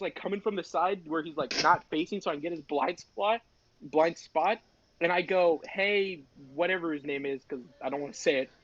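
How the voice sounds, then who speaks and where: A young man, a podcast host, telling a story in a casual, animated and profane way, often laughing. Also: on the high side, no echo. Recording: dry, slightly dull podcast audio.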